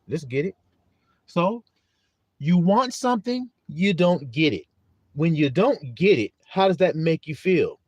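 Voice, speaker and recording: A man with a high, very animated voice delivers a casual livestream sermon. He keeps pressing his listeners with rhetorical questions, blunt and peppered with profanity, and the sound is close and dry. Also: no echo. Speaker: preacher teaching an online flock.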